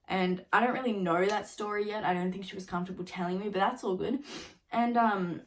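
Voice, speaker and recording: A young woman in her late teens chats through a storytime for her vlog. Her talk is loose and filler-heavy, with "like" in nearly every phrase and a casual swear dropped in along the way. Her voice sits at a middle pitch. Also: fairly even intonation, fairly quick. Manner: chatty, filler-heavy with constant "like"; swears casually while retelling. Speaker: vlogger.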